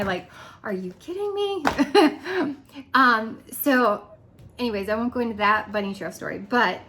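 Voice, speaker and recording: A woman's voice: a little high, a bit bright, slight background noise. Chatty woman who laughs a lot. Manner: chatty, laughs often, rambling asides. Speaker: direct sales consultant. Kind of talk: casual vlog chat.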